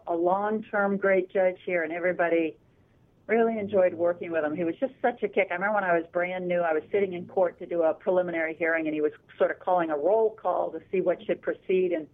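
A woman's voice: fairly low pitch, a little fast. Female attorney guest, anecdotal and chatty, heard through a tinny phone line. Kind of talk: casual radio interview by phone. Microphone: telephone.

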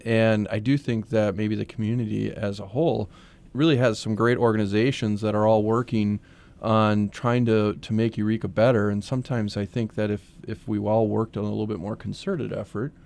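A middle-aged man, a city manager, speaking as a radio guest in a measured, thoughtful way. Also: lowish voice, level tone, gravelly, a little mellow. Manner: measured, thoughtful, many fillers. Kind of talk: casual interview talk.

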